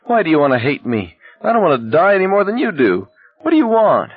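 A man voicing a whining, unhinged young man who cackles and sobs, in a shrill, high voice. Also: big pitch swings, normal speed, no room sound, narrow, tinny audio.

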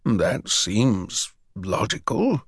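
A man's voice: on the low side, sing-song, drawn-out words, vocal fry, breathy edge, no echo, clean studio sound, exaggerated voice. A man voicing an older, pompous male headmaster with a haughty, condescending drawl. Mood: probing.

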